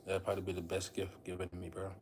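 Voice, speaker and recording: Rambling low-voiced man livestreaming. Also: monotone, racing, a little mellow, a little hiss or hum. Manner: rambling, repeats phrases, addresses viewers as y'all. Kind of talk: casual livestream talk to viewers.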